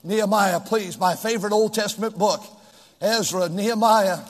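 A male pastor preaching a sermon with call and response to his congregation, rising into shouts. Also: sits high, fairly even intonation, moderate pace. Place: large church hall with two floors. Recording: long hall reverb.

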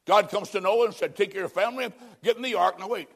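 A man preaching a dramatic evangelistic sermon, swinging from loud emphasis down to hushed, low endings. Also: quick pace, creaky.

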